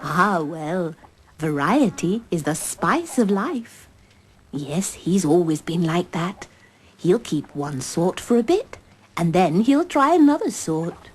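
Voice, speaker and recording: A homely hen full of old sayings. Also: female voice, on the low side, big pitch swings, husky, exaggerated voice. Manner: gently proverb-quoting, unhurried.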